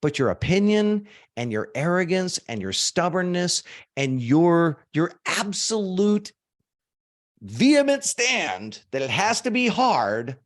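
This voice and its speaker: Casting note: lively male seminar speaker, fairly high voice, swings his pitch a lot, casual and profane. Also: slow. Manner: animated, swears for emphasis. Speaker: motivational speaker. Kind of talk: live seminar teaching.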